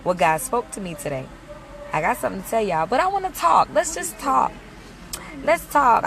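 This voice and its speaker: A woman with a slightly high voice chats casually into her phone from a parked car outside a mall. She greets viewers by name and hands out blessings in an easy, chatty flow. Faint traffic hums in the background. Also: animated, moderate pace, gravelly, a bit bright. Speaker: ministry leader livestreaming.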